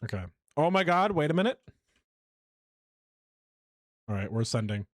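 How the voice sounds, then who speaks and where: Animated, chatty male streamer. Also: a little high, quick pace, no echo, clean studio sound. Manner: chatty, animated, self-mocking. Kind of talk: live gameplay commentary.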